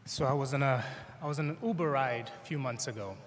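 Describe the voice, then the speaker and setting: A man's voice: medium pitch, fast. A man from Zambia with a Zambian accent, giving a graduation speech and acting out the lines of people in his stories. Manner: animated storyteller, acts out dialogue. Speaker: motivational speaker. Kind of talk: commencement speech with storytelling. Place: large hall. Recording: echoey hall with faint background noise.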